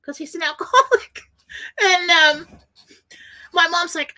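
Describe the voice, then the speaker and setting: A woman's voice: extremely high pitch, measured pace, long pauses, pushed and bright, poor audio. A woman hosting a spiritual radio talk show, telling a personal story with emotion and acting out the voices of the people in it.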